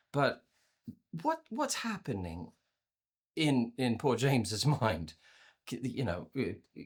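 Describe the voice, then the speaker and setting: A man presenting a workshop on communication to a virtual audience, conversational and animated, often repeating words as he restarts his sentences. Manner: acts out inner voices with playful pitch jumps. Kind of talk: live talk to a virtual audience.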